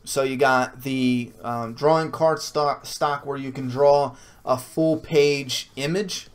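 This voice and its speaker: A man's voice: medium pitch, steady tone, slow, clear, resonant tone. A man answering viewer questions in a casual stream, blunt and swearing freely, with frequent restarts. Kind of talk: casual Q&A livestream.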